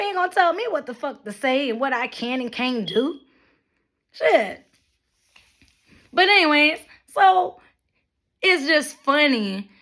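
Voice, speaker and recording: Bright, blunt young woman ranting. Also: high-pitched, measured pace, long pauses. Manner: blunt, profane, animated storytelling with mocking asides. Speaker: vlogger. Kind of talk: ranting monologue to camera.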